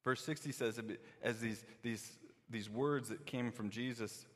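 A man's voice: medium pitch, unhurried. A man preaching a sermon in an easy, conversational way, often acting out the voices of doubting listeners. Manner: conversational, acts out quoted listeners. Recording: long reverb of a hall.

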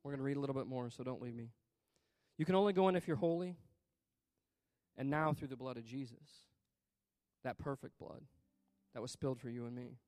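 A man preaching a sermon, reading scripture aloud and stopping to comment, swinging between loud emphatic bursts and quiet asides. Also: mid-range voice, a little fast, pauses often, no room sound, studio quality.

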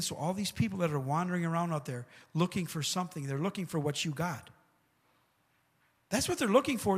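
A man preaching a sermon with animated asides like "come on" and "amen," retelling scripture stories in a casual voice. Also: sits high. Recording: long hall reverb.

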